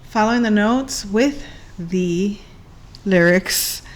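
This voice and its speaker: A woman's voice: mid-range voice, slow pace. A woman giving a casual astrology reading, chatty and playful, breaking into laughs and bits of song. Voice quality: playful, chatty, laughs often and sings along. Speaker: astrology reader.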